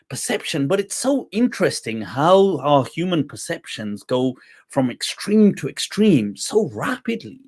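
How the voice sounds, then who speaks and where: A man hosting a talk show, telling a personal story in a casual, animated way with frequent laughter. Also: high-pitched. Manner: animated, laughs often, acts out quoted voices. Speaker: host.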